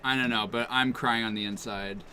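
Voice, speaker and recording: A man's voice: medium pitch, steady tone, moderate pace, bright, forceful tone, slight background noise. Analytical male card game commentator. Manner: analytical, thinks aloud, many fillers. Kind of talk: casual live commentary. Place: game store.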